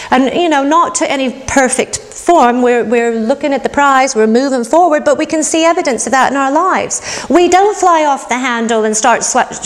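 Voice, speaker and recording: Woman, middle-aged, preacher, earnest and reflective, fairly high voice, reverberant hall. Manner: earnest, reflective, tells personal stories. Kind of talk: sermon.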